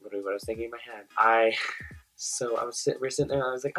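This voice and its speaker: A young man telling a casual storytime, animated and full of filler words. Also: mid-range voice, racing, soft background music, poor audio. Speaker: vlogger.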